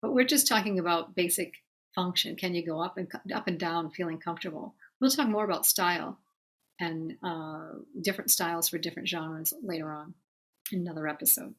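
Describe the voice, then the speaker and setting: A woman's voice: on the low side, a little fast, a bit bright. A woman voice teacher giving a singing lesson, explaining patiently and talking directly to her students. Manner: breaks off to sing short demonstrations.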